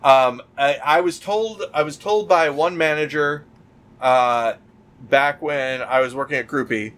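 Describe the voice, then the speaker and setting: A man's voice: on the high side, a little slow, a bit bright. A man co-hosting a casual podcast chat, telling work anecdotes animatedly and acting out the quotes in a loose, restarting way. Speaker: podcast co-host.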